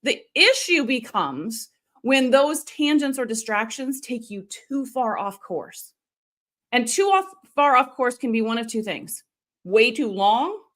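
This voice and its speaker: A woman with a slightly high voice coaches her viewers live on a stream. She talks in a chatty, animated way and often breaks into quick asides. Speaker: online video coach hosting a live stream. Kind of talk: casual live-stream teaching.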